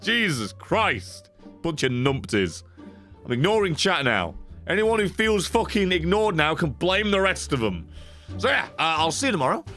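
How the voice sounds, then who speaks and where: A man chats loosely at the end of a stream. He swears constantly and gets riled up easily, and his slightly high voice swings wildly up and down. Faint music plays behind him. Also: creaky. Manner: profane, excitable, rambling. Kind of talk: casual stream sign-off chat.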